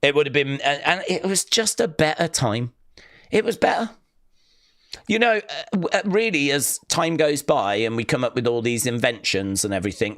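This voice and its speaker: With a medium pitch and a fairly bright tone, the man is recorded in clean studio sound without echo. His wrestling live stream has him rambling casually through fond recollections, packed with fillers and acted-out quotes.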